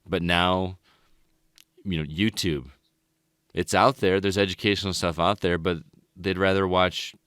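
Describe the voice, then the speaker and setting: A man's voice: low voice, fairly even intonation, measured pace, pauses often, fairly bright tone, smooth, no echo, studio quality. A man who teaches, talking earnestly and at length in a casual podcast chat. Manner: earnest, rambling, reflective.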